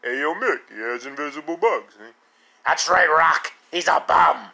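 A man's voice: on the high side, measured pace, gravelly, sharp tone, heavily acted. A man putting on a brash, insulting tough guy. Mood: mocking. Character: loud brash Staten Island tough guy, male.

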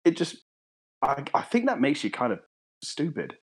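Brief: man, podcast co-host, lively swinging pitch, chatty sweary storyteller, dry close mic. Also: normal speed, a little hiss or hum. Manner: rambling, sweary, laughs often, many restarts. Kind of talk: casual comedic storytelling.

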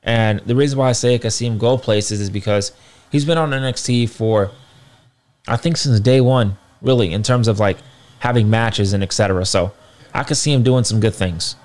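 A man's voice: on the low side, moderate pace, a little mellow. A young man giving a casual, slangy spoken recap of a wrestling show, often checking in with listeners. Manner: loose slangy talk with fillers, asks listeners for agreement.

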